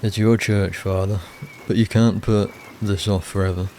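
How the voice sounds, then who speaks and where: A man's voice: fairly low pitch, flat delivery, moderate pace, dark tone, a little hiss or hum, lightly acted. Lucky, a blunt church worker voiced by a man. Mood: insistent. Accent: northern English. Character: blunt male church worker, practical and insistent.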